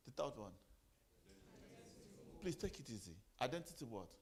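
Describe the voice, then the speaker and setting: A man's voice: mid-range voice, sing-song, normal speed. A middle-aged man giving a motivational sermon, firing rhetorical questions, repeating phrases and giving the audience commands. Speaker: motivational speaker.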